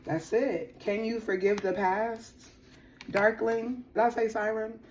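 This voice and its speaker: A woman's voice: a little high, steady tone, slow pace, a little mellow, slight background noise. A woman giving a casual tarot reading to her viewers. She talks in a chatty, slangy, playful way and laughs often. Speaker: tarot reader.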